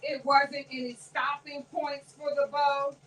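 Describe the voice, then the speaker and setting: A woman's voice: sits high, flat delivery, a little slow, a bit bright, slight background noise. An older woman hosting a live embroidery tutorial, chatty and laughing as she exclaims to herself. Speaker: embroidery channel host. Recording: voice a bit distant from mic.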